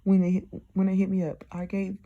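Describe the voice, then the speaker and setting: A woman's voice: medium pitch, monotone, brisk, lo-fi sound. A young woman telling her own story in a chatty way, talking straight to her listeners with lots of fillers. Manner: chatty, addresses listeners directly, many fillers. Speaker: diary vlogger. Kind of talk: casual personal storytelling.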